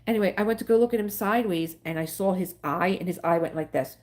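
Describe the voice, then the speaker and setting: A woman's voice: lowish voice, quick pace, a little mellow, slight background noise. A middle-aged woman from the Philadelphia area, hosting a livestream and chatting in a rambling, emotional way with her viewers. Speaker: livestream host. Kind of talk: casual chat with live viewers.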